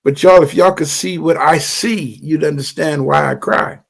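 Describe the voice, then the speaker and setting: A man's voice: fairly high pitch, normal speed, creaky. Fervent older man preaching. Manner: fervent, preachy, stammers and repeats words. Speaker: livestream host and teacher. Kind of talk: impassioned livestream teaching.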